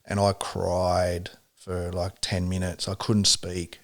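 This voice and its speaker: A man hosting a podcast, asking calm, sympathetic questions and sharing his own story. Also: low-pitched, slow pace. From Australia. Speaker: podcast host. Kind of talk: casual interview talk.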